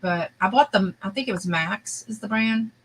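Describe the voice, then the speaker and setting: A woman with a Louisiana accent chats in an easygoing, agreeable way, and her tone is bright and clear. She sometimes stretches her words out slowly. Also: medium pitch, low-quality recording. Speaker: co-host. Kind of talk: casual chat.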